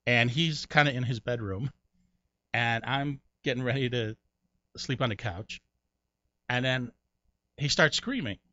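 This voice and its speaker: Bright-voiced man telling stories. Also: unhurried, pauses often, no echo. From Connecticut, USA. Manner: animated storyteller, jumps high doing other people's voices. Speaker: comedian guest. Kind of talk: storytelling interview. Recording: dry, muffled sound.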